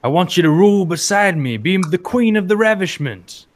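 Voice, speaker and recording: A man's voice: high voice, lively intonation, normal speed, a little hiss or hum, voice pushed up. A man voicing a sinister winged demon prince who coaxes and claims a woman possessively. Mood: seductive. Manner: smooth, coaxing, possessive.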